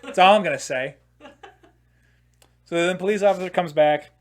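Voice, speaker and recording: A young man in his twenties with a slightly high voice, telling a comic story on a podcast. He rambles and swears and fills his sentences with "like". He gets animated and laughs at his own jokes. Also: normal speed. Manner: rambling, profane, many filler "like"s. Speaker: podcast host. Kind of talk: casual comedic storytelling.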